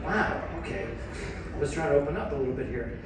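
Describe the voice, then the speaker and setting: A man's voice: on the high side, quick pace, very noisy. Male stand-up comedian, self-deprecating, chatty with the crowd, echoey hall, distant mic. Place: cruise ship theater.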